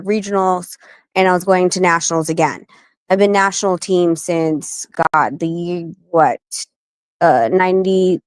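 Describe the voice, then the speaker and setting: A woman in her forties, a guest on an interview show, telling animated stories and acting out the people she quotes. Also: lowish voice, no echo. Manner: animated, acts out quoted voices. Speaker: guest, wife and manager of a boxer. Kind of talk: casual interview storytelling.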